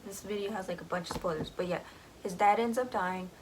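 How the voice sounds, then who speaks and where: A young woman recaps a book in a casual, rambling way, filling her sentences with "like"s and small giggles. Her voice sits at a middle pitch for a woman. There is faint noise behind her. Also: a little fast, low-quality recording. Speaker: book vlogger.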